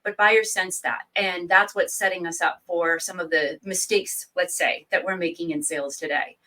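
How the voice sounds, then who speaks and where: Lively, bright-voiced woman author. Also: fairly low pitch, recorded from a distance, low-quality recording. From New England. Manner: lively storyteller, quick asides. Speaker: author and guest. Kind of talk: casual interview chat.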